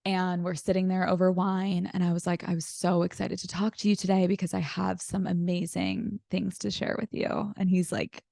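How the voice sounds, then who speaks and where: Chatty woman, lowish voice, dry sound. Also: flat delivery, normal speed, gravelly, few pauses, mellow, dry recording. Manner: chatty storyteller with frequent "like" fillers. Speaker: podcast guest. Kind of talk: casual chat.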